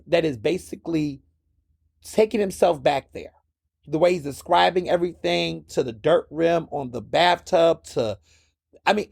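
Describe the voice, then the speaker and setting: A man's voice: fairly high pitch, gravelly, darkish tone, breathy edge, no echo, studio quality. A man hosting his own podcast, giving blunt, impassioned solo commentary and repeating words when worked up. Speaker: podcast host.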